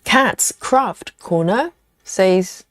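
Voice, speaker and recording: A woman's voice: medium pitch, lively intonation, very slow. A woman hosting a casual live stream, chatting and reading viewer comments aloud as she goes.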